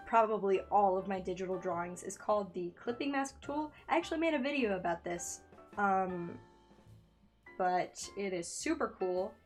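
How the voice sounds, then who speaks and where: With a lowish, darkish voice, this young streamer and digital artist draws on a live stream from a room by a window at home. She chats casually but nervously, giggling and frequently losing track of what she was saying, into a studio mic rigged in a makeshift home setup.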